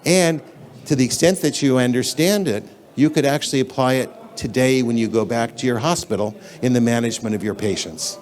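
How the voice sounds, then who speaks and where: A man's voice: mid-range voice, brisk, darkish tone. A man giving a conference lecture in a lecture hall, talking in an emphatic, blunt and conversational way, addressing the audience directly.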